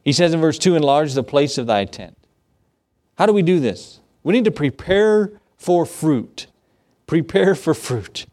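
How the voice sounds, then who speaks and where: Pastor preaching with repeated phrases. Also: male voice, on the high side, animated, a little slow, warm tone. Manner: conversational asides and rhetorical questions. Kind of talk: sermon.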